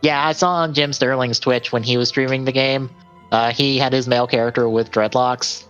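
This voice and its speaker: A man's voice: medium pitch, fairly even intonation, normal speed, a bit bright, clean tone, muffled recording. Guy on a gaming podcast, rambly, fixes his own slips, some faint music behind. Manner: rambling, self-correcting, laughs often. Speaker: podcast co-host. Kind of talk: casual chat and reading release lists.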